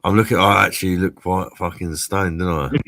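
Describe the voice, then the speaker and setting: A man with a low voice and a forceful, bright edge, chatting casually on his live stream. He is laid-back and sweary and laughs often, heard dry and close with no room sound. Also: a little slow, gravelly, no echo. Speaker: host of a drinks review live stream.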